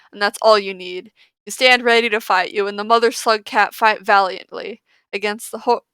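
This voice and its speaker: A woman's voice: medium pitch, pushed and bright, clean tone, dry recording. A woman playing a text-based game, reading its passages aloud and giggling through casual reactions in between. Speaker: let's player.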